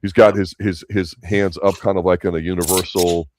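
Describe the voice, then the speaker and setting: A man co-hosting a casual review show, speaking in a measured, opinionated way as he breaks down scenes. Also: low voice, flat delivery, a little mellow, slight background noise. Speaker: podcast co-host.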